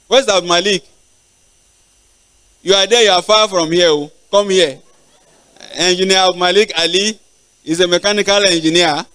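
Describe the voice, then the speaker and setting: An older Nigerian man stands in a large auditorium, thanking people one by one in a lecture. His voice sits a little high, and he speaks haltingly, pausing and repeating words as he goes. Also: a bit bright, smooth. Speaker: professor giving lecture. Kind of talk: acknowledgements in a formal lecture.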